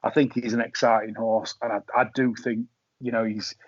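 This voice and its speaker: A man's voice: mid-range voice, little pitch movement, normal speed, no echo. Man, casual racing podcast host, chatty with restarts, muffled dry sound. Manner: chatty, hesitant restarts, laughs at own jokes. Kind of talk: casual racing tipster chat.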